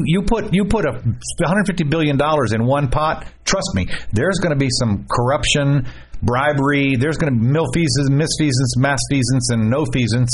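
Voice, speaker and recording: Animated talk radio host man. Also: medium pitch, slight background noise. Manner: animated, repeats words, jokey asides. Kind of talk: casual political talk.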